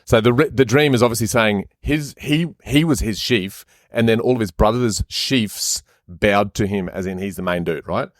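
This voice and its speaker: A man's voice: lowish voice, normal speed, few pauses, dry recording, studio quality. A man co-hosting a podcast, reading scripture aloud in a casual, chatty way and stopping often to comment. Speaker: podcast co-host and reader.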